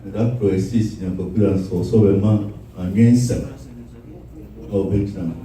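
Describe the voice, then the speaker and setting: A man giving a humorous sermon, telling stories and mimicking other people's voices in a lively way. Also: a little slow. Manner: animated storytelling, shifting into high mimicking voices. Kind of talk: humorous sermon with acted quotes. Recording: roomy echo, voice far from the mic.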